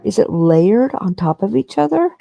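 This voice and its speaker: Chatty guy with a mellow, slightly gravelly voice, dry close sound, lots of ums. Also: sits high, sing-song, moderate pace, no room sound. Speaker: livestream co-host. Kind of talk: casual chat.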